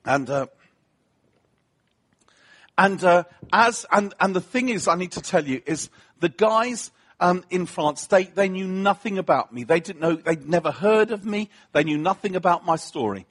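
A British man preaching a humorous sermon, telling a story with self-mocking asides in an animated way. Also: sits high, measured pace, husky. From Britain.

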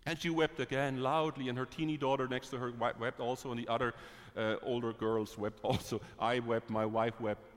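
A man, a missionary preacher telling stories in a sermon, lively and chuckling, dropping from bright to hushed. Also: medium pitch, fairly quick, hardly any pauses. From Germany. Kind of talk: sermon with personal storytelling. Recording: long hall reverb.

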